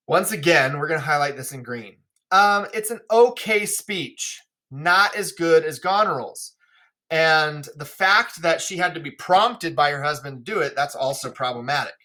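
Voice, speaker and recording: A man's voice: on the high side, lively intonation, moderate pace, pushed and bright. A male teacher walking a class through a play, talking casually and often checking in with "right?".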